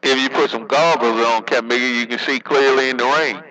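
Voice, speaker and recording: A man's voice: mid-range voice, steady tone, a little fast, sharp tone, lo-fi sound. A working man chatting casually over a CB radio, joking in loose slang and laughing often. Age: adult, working. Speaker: CB radio operator.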